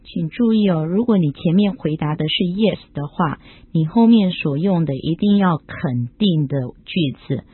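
A woman's voice: lowish voice, expressive, normal speed, few pauses, breathy edge, no echo. Female radio co-host, explanatory, dry and phone-thin. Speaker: co-host, translator. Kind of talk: scripted radio lesson. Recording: tinny phone-like band.

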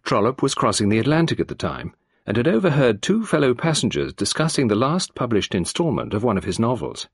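A man narrating an audiobook in a measured, expressive way. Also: medium pitch, slightly rough, dry recording, studio quality.

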